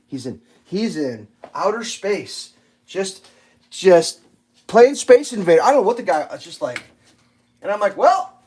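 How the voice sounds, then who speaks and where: Animated man telling a story while cooking. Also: high-pitched. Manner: animated, acts out quotes and sound effects. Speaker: cooking vlogger.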